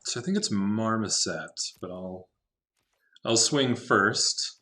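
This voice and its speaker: A man giving casual commentary on his own card game, thinking out loud, laughing often and swearing now and then. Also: fairly low pitch, lively intonation, slow pace. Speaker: Magic Arena drafter, channel host.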